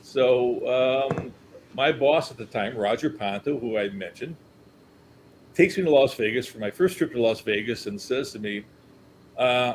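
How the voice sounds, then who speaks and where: A man's voice: lowish voice, moderate pace, a little hiss or hum, poor audio. An older man who works as a company historian, telling stories as a guest and acting out the people he quotes. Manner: animated storyteller, acts out quotes, chuckles. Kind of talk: anecdotal storytelling.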